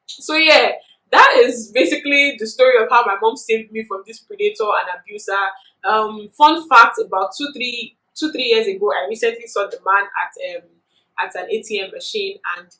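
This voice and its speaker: A young woman with a Nigerian accent telling a story in a chatty, animated vlog, filling her talk with "you know". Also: on the high side, normal speed. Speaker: vlogger. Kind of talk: casual storytelling. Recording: echoey room.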